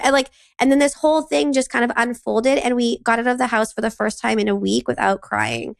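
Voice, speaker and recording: Animated woman with a gravelly edge. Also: fairly high pitch, a little fast, hardly any pauses, no echo, studio quality. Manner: animated storytelling, acting out her child's lines. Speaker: podcast co-host. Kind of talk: casual conversational podcast chat.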